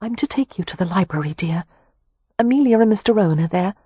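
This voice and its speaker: A brisk young sister talks quickly and comfortingly in an audiobook, as a female narrator reads her part. The voice is a touch husky. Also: mid-range voice, expressive, warm tone, no echo, pitched above the performer's own voice. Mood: reassuring.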